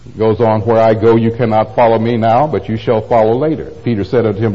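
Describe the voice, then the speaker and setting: A man's voice: lowish voice, fairly even intonation, quick pace, dark tone. An older man giving a conversational sermon, posing rhetorical questions and adding wry asides. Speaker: pastor. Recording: dull lo-fi sound in a reverberant hall.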